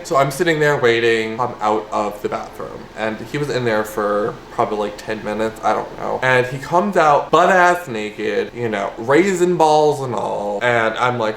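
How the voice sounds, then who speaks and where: Young male vlogger, animated storyteller, in an echoey room with faint background hum. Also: mid-range voice, a little slow. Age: young adult. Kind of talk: storytime vlog.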